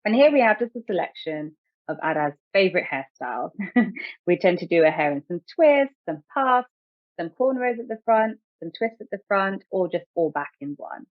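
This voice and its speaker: A woman author reading her own picture book aloud in a clear storytelling way. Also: lowish voice, animated, normal speed, no room sound. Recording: dry tinny phone-like sound.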